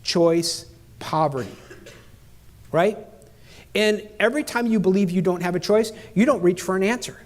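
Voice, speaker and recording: A middle-aged man giving an energetic motivational keynote, talking straight at the audience in punchy phrases. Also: high-pitched, moderate pace, pauses often. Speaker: keynote speaker.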